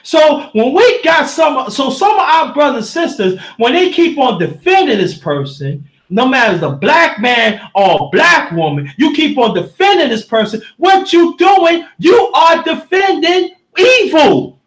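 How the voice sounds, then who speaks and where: A man hosting a livestream in a heated, preachy rant, often shouting and speaking straight to his listeners while reading the chat. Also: very high voice, sing-song, moderate pace, few pauses.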